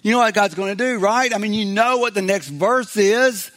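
The pastor's voice sits high and sounds a bit bright, moving at a normal speed. He preaches loosely and conversationally, acting out biblical voices with humor amid many fillers and restarts.

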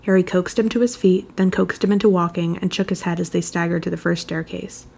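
Gravelly, husky woman narrator. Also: fairly low pitch. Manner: steady, measured storytelling. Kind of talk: reading fan fiction aloud.

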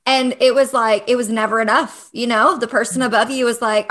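A woman hosting a podcast chats casually and eagerly, reacting with quick affirmations. Her voice is bright and forward, pitched a little high, with a lively edge. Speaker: podcast host and coach. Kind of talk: casual chat.

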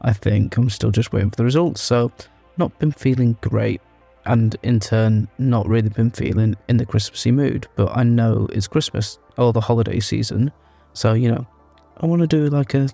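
A man's voice: mid-range voice, vocal fry, warm tone. A young man, hosting a podcast and chatting casually, rambling with lots of ums and fillers. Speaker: podcast host. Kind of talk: casual podcast intro chat.

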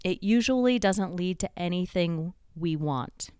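A woman giving a reflective motivational talk, slowing down to stress key points and building them through repeated phrases. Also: fairly low pitch, animated, a little mellow, clean tone, dry recording, studio quality. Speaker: motivational speaker.

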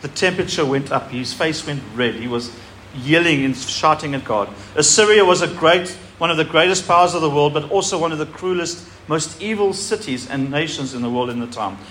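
A man's voice: on the high side, brisk, fairly bright tone, a little hiss or hum. A man pastor giving a sermon, reading scripture aloud with emphasis and speaking animatedly to a congregation.

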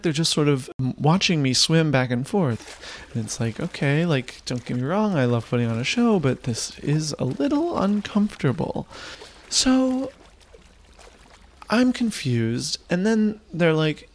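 A man from the United States tells a comic personal story in a wry, animated way. His voice sits mid-range but leaps up in pitch for emphasis. The sound is dry and close, with no room echo. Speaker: podcast storyteller.

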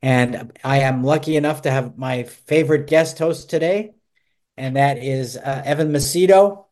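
A man hosts a business interview show, and his pitch sits in the middle for a man. He introduces guests in a friendly, joking way. The sound comes from a video call. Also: moderate pace, a little mellow. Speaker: host. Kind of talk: radio interview hosting.

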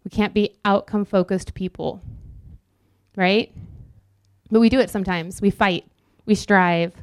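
A woman's voice: medium pitch, steady tone, a little slow, clean tone, dry recording, clean studio sound. A woman preaching a sermon, emphatic and repetitive, acting out quoted inner voices.

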